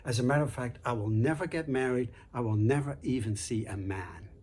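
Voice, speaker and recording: A man voicing a defiant young girl in a told folk tale, lifting his pitch a little for her. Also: a little fast, a little mellow, slight background noise, close to an everyday voice.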